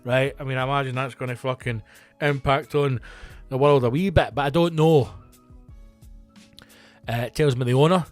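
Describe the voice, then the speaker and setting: A Scottish comedian talks through a loose, profane solo podcast monologue, wandering off on asides and filling gaps with ums. His voice sits in an ordinary middle pitch. Faint music runs quietly under the talk. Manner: chatty and profane, rambling with fillers and asides.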